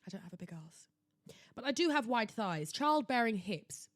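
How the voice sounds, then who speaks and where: A young woman hosts her own podcast and tells her story as a dramatic, sarcastic rant. Her voice sits fairly high and swoops all over the place as she exclaims. The sound is close and dry. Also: sing-song, normal speed, dry recording. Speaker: podcast host. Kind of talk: casual solo podcast rant. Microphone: laptop setup at home.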